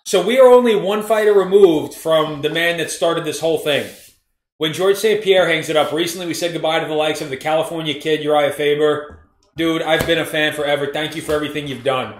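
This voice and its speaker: A man's voice: on the high side, brisk. A man co-hosting a casual live fight stream from a living room, joking and rambling with some swearing. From Florida. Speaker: co-host. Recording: echoey room.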